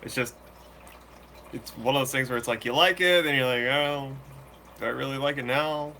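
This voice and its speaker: A man hosting a fishkeeping channel, chatting casually and answering viewer questions live in a relaxed, slangy way. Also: mid-range voice, moderate pace, slight background noise. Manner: laid-back, slangy, chatty. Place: room full of fish tanks.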